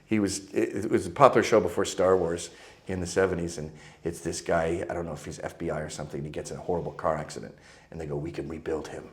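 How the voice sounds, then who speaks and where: A man's voice: low voice, quick pace. A man from Canada, a guest telling crude, comic anecdotes and slipping into voices for the people in his stories. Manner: animated, mimics voices in anecdotes.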